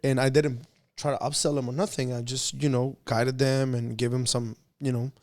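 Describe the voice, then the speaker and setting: A man hosting a podcast, telling stories in casual chat and getting animated as he goes. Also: mid-range voice, normal speed, no room sound. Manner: animated storytelling, gets excited. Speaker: podcast host.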